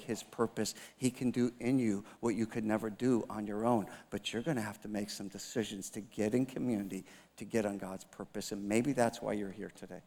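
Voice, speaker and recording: A pastor in his fifties delivers a sermon in a medium-pitched voice. He tells a personal story with self-mocking humor and acts out the dialogue. His voice carries a long reverb from a large church hall. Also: a little mellow. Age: 50s.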